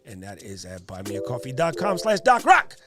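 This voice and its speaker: A man's voice: medium pitch, huge pitch swings, fairly quick, music in the background. A man hosting a livestream in a casual, joking way. He laughs often as he thanks his guest and talks to viewers. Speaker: livestream host.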